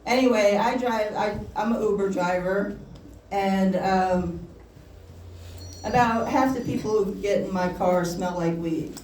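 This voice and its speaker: A young woman performs a stand-up set in a small shop, her delivery halting and punctuated by giggles. She sounds far from the mic in a roomy space. A faint hum runs underneath. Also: mid-range voice, a little mellow. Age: young adult. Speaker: stand-up comedian. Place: small shop hosting a comedy night. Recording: roomy, distant mic with faint background noise.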